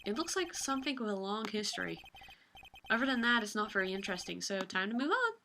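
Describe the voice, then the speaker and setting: A woman's voice: mid-range voice, very animated, fast, sharp tone, a little hiss or hum. A woman hosting a let's play, reading game text aloud with playful, sarcastic asides and casual swearing.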